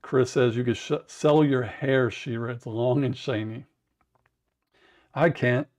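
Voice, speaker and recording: A man with a raspy voice, chatting in a rambling way to viewers on a livestream from home, humming to fill the wait. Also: mid-range voice, steady tone, measured pace, a little mellow. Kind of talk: casual livestream chat. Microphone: wearable mic.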